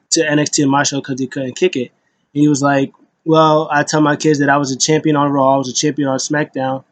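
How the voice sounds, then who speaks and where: A man casually recapping a wrestling show, rambling with lots of fillers and briefly paraphrasing the wrestlers. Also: on the high side.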